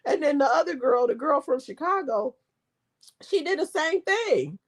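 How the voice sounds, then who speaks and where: A woman vlogger chatting casually, telling a story in an animated way, mimicking people and laughing often. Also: sits high, normal speed. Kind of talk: casual chat.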